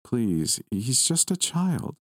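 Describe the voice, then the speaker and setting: Guy putting on a scared old granny voice, high and pleading, horror audio story. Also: lively intonation, normal speed, gravelly, mellow, no room sound, studio quality. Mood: sad. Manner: higher, anxious pleading voice. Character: frightened elderly grandmother, pleading.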